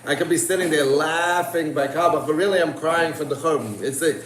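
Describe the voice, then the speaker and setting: A man's voice: a little high, fairly quick, a bit bright. A man in a casual livestream conversation, reflective and laughing as he talks. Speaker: participant in a group chat. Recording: echoey room, far from mic, noisy.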